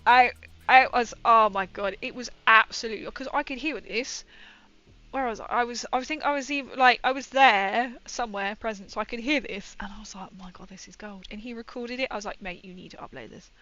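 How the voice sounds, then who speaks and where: A woman's voice: fairly high pitch, a little fast, bright, forceful tone, no room sound, lo-fi sound. A young woman chatting casually and rambling through a story while she paints on a livestream.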